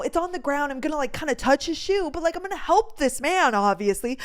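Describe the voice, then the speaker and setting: A woman's voice: sits high, animated, fast, hardly any pauses. A woman in her twenties, a podcast host from North Dakota, telling a story in a chatty, emotional way full of filler words. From North Dakota, USA. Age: 20s. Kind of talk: casual storytelling chat.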